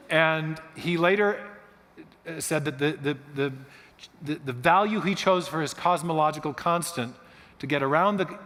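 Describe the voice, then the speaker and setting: A man giving a lecture-style guest talk, explaining in a lively storytelling manner that often stops and restarts. His voice is fairly high for a man. The sound carries the long reverb of a large church hall. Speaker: guest speaker.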